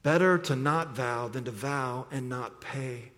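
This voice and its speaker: A man preaching an earnest sermon as pastor, often dropping low and quiet to press a point. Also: unhurried. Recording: long hall reverb.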